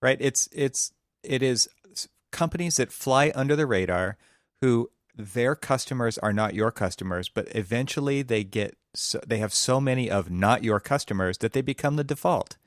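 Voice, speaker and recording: A man's voice: mid-range voice, normal speed, no room sound, studio quality. A man co-hosting a casual architecture podcast, talking with emphatic, preachy energy. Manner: emphatic, preachy about disruption. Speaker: podcast co-host. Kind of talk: casual conversation. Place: California.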